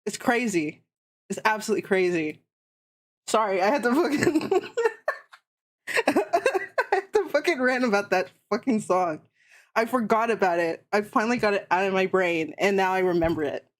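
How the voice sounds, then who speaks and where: A woman's voice: mid-range voice, animated, moderate pace, long pauses. A young woman streamer ranting heatedly and sarcastically in casual chat, swearing constantly.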